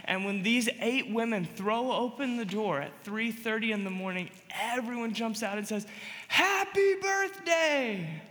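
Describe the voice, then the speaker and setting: A man preaching with a fairly high voice that carries into a long, ringing hall reverb. He tells a story as a pastor, rising to loud emphatic lines and sinking to quiet, hushed ones. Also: steady tone, normal speed, few pauses. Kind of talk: sermon.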